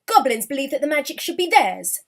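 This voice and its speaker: A woman reading a children's storybook aloud with an expressive, animated delivery. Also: high-pitched, fairly quick.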